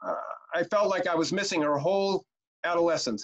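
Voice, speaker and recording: A man's voice: a little high, a little fast. A middle-aged man leading a training webinar, telling stories and chanting short rhymes with lots of energy. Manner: animated, chanting rhymes, storytelling. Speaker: youth care trainer. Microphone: video call. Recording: dull lo-fi webinar audio.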